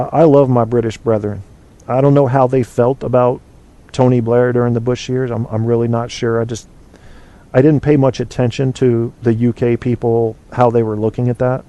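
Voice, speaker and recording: A mellow, dark-voiced man rambles through his opinions as he hosts a casual call-in show. He fills the gaps with ums and restarts and keeps things loose and chatty. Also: medium pitch, fairly even intonation, moderate pace. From United States. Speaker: podcast host.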